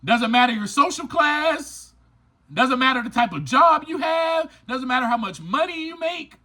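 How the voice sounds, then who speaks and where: Guy with a really high voice hosting a recovery podcast, super lively pitch, preachy and repeats himself for emphasis. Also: moderate pace. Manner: speaks straight to listeners, informal. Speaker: podcast host. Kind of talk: motivational recovery podcast monologue.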